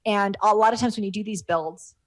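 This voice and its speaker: A woman's voice: medium pitch, fairly quick, no room sound. A middle-aged woman telling stories as a guest in an interview. She rambles, with many fillers and restarts, and is moved to tears as she talks. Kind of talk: casual interview talk.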